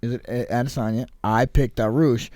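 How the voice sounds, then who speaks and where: A man co-hosting a podcast, talking in an animated, insistent way, repeating himself as he argues his point. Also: medium pitch, fairly quick, dry recording, studio quality. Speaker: podcast co-host. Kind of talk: casual podcast chat. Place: podcast room.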